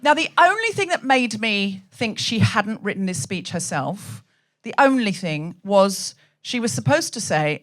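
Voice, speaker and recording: A woman's voice: mid-range voice, big pitch swings, unhurried, few pauses. A woman hosting a comedy podcast on stage, delivering a chatty stand-up monologue with laughing asides to a live audience.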